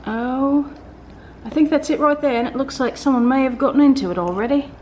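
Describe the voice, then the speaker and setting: A woman's voice: high-pitched, fairly quick, a little mellow, a little hiss or hum. A woman vlogging casually at home, chatting to the camera and cooing at her pets in a sing-song voice. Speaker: lifestyle vlogger. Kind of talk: casual home vlog chat.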